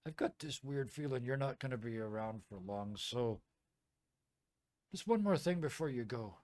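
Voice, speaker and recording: A man voicing a respected middle-aged working man with a quiet, dry, understated manner. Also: mid-range voice, expressive, moderate pace, no echo, close to an everyday voice. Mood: wry.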